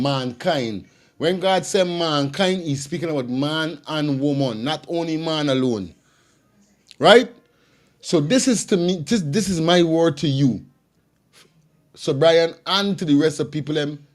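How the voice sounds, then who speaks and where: A man giving impassioned online commentary, preachy and emphatic, hammering his point through repetition. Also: a little high. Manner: preachy, emphatic, repeats phrases.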